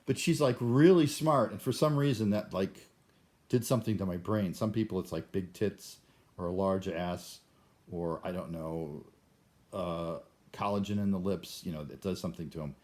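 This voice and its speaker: An older man rambles through a solo vlog, breaking off and restarting his sentences. His voice sits on the low side. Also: moderate pace, a little mellow. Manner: rambling, self-interrupting, stammering restarts. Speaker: vlogger. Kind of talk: rambling monologue.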